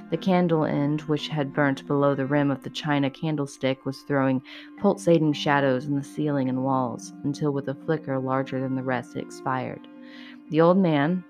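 A woman reading a horror story aloud in a steady, measured way, then chatting to her listeners. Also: deep voice.

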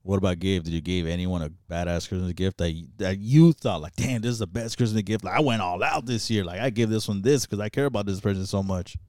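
A man's voice: low-pitched, fast, few pauses, darkish tone, no room sound, studio quality. A man hosting a casual podcast, talking loosely, swearing and laughing often. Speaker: podcast host.

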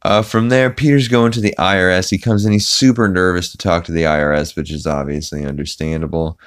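A man's voice: low voice, steady tone, brisk, clear, resonant tone. A man hosting a podcast, recapping an episode casually in a rambling way with many fillers. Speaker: podcast host.

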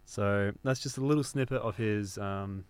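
A man's voice: fairly low pitch, moderate pace, clean tone, dry recording, soft background music. A man hosting a comedy radio interview, playing it mock-earnest and soothing. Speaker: radio host.

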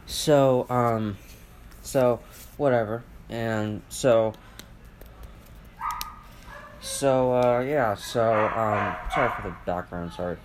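A man hosts a solo podcast from home, rambling and swearing through a casual rant full of fillers and restarts. His mid-range voice is extremely slow, with long pauses. His family is around, and faint household noise, dogs and a TV, can be heard.

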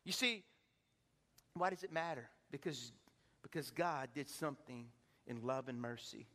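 A pastor preaching an impassioned sermon, swinging from hushed to shouting. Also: male voice, mid-range voice, unhurried. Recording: long reverb of a large hall.

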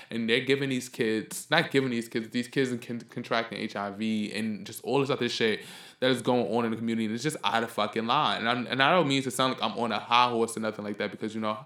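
Profane, ranting man in an echoey room. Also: mid-range voice. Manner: blunt, profane, heated ranting that flares up loud. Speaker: podcast host. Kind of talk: casual opinion monologue.

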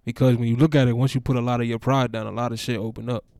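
A young man co-hosting a podcast, talking in a relaxed, rambling way with frequent restarts. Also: medium pitch, rapid-fire, no room sound, clean studio sound. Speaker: podcast co-host. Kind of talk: casual podcast chat.

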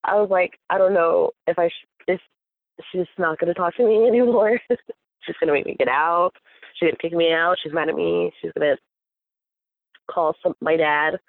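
A young woman tells her story in an easy, animated chat, slipping into the voices of the people she quotes. Her voice has a gravelly, crackly edge. The sound is dry and thin, like a phone line. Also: fairly low pitch, normal speed, pauses often, no room sound. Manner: animated, acts out quoted voices, laughs often. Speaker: guest. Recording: tinny phone-like audio.

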